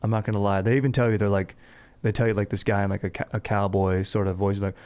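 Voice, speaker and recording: A young man with a fairly low voice, talking loosely and slangily as a podcast host. He riffs in casual chat and keeps dropping "dude" into his sentences. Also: level tone, very fast, a little mellow. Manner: laid-back slangy, says "dude" a lot.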